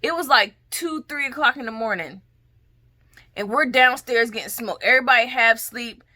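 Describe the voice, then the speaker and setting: Woman, 30s, higher voice, lively vlog storyteller, a little breathless. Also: normal speed. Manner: animated, acts out drill commands and groans. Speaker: vlogger.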